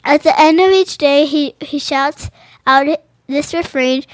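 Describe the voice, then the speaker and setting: A high-voiced woman reads picture books aloud at a measured pace, with no echo in the recording. She stumbles and rereads phrases now and then, tossing in casual, chatty comments about the children's books as she goes.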